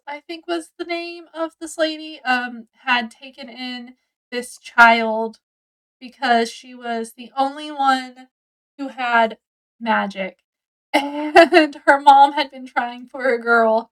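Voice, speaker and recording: A woman's voice: sits high, takes it slowly, a bit bright, low-quality recording. A woman casually reviewing a book, rambling through the story with lots of likes and ums.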